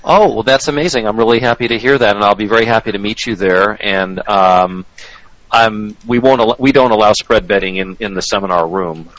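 A radio show host and trading educator chats and jokes on air in a lowish, fairly bright voice, speaking briskly. He often restarts his sentences and laughs frequently in this casual radio talk. The recording is muffled, with no room sound.

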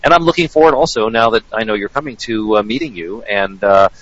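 A man's voice: fairly low pitch, fast, a bit bright, lo-fi sound. A man hosting a radio show in a chatty, joking way, often restarting his sentences. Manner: chatty and jokey, with frequent restarts and laughs. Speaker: radio show host, trading educator. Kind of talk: casual radio chat.

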